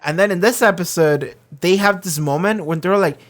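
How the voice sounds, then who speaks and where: A channel host reviewing a TV episode in a casual chat. The host rambles excitedly, swears freely and acts out characters in quick voices. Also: medium pitch.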